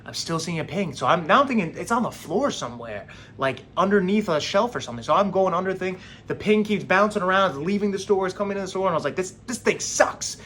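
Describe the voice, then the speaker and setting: A young man casually telling a story straight to camera, animated and acting out what others said. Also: high voice, fast, few pauses, slight background noise. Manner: animated, acts out quoted voices.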